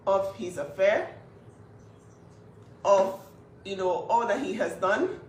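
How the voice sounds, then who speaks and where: Woman defending her sister on camera, forceful and indignant, recorded at a distance in a reverberant room. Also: medium pitch, slow pace, long pauses. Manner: emphatic, indignant, restarts often. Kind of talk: emotional vlog statement. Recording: echoey room, distant mic, faint noise.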